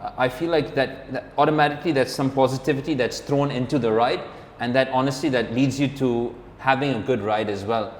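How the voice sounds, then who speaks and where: A man's voice: medium pitch, brisk. A man telling a story in a casual, rambling chat, filling his talk with "like" and "or whatever" and acting out what others said. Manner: rambling, filler-heavy, acts out quoted dialogue. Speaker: podcast co-host, motorcyclist. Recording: roomy, reverberant room with faint background hum.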